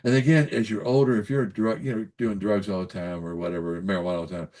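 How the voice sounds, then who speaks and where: In a casual advice-giving interview, an older pediatrician from Kentucky offers blunt parenting and health advice in a low, darkish voice, speaking fast with a steady tone. Folksy and emphatic, he repeats words and keeps checking in, with frequent "so anyways" and "okay?".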